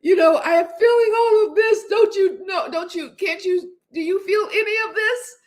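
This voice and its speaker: A woman in her seventies acting out a heartbroken woman who weeps and pleads with the man she loves. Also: moderate pace. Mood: tearful pleading. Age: 70s. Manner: tearful, high and pleading.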